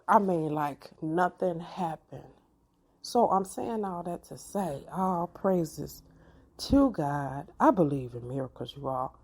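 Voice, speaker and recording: A middle-aged woman, telling a personal story to her viewers in an animated, expressive way. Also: deep voice, slow, slightly rough. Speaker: vlogger.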